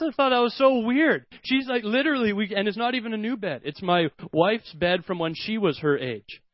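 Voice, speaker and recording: Pastor guy w a high voice telling sermon stories, acts out his kids, kinda muffled dry sound. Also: dry recording. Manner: animated storytelling, acts out his kids' voices. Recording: dull, slightly lo-fi dry sound.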